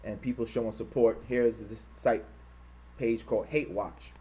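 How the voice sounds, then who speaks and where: A man hosting an online show, reading items off his screen and talking about them. He repeats himself often and gets loud and high-pitched when he is worked up. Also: fairly even intonation, a little slow, husky. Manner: repetitive, grows loud and high when heated, mocking quoted voices. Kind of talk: livestream commentary reading from a screen.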